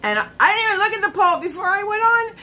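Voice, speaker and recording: A woman's voice: very high voice, very animated, quick pace, pushed and bright, slight background noise, low-quality recording. A woman hosting a casual live stream, chatty and laughing often, greeting her viewers by name.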